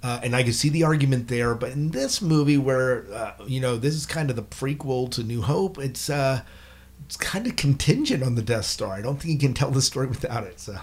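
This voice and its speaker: A man's voice: medium pitch, animated, a little fast. A man hosting a casual movie review podcast, thinking through arguments aloud. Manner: thoughtful, weighs arguments aloud. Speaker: podcast host.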